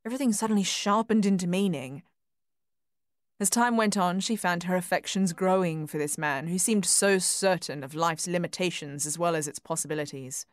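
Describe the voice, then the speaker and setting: A woman reading a literary story in a soft, measured, often hushed voice on a close microphone. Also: lowish voice, no echo. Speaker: narrator. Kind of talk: scripted audiobook narration.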